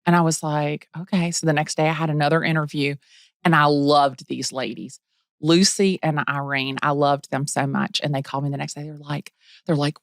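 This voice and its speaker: A middle-aged real estate agent from the Atlanta area tells her story in a casual interview, bubbly and animated as she acts out quotes. Her voice sits low and her delivery is brisk, captured in studio quality with no echo.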